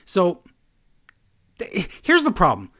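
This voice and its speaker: A man with a slightly high voice that swings widely up and down, talking through a wrestling show in a casual, sarcastic way. He laughs often and keeps the mood animated. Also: slow pace. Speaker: podcast co-host. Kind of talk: casual wrestling recap chat.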